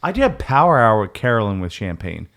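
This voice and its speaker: A man's voice: fairly low pitch, very animated, fairly quick, fairly bright tone. A man hosting a casual podcast, crude and teasing, pushing the others along. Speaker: podcast host. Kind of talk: casual chat.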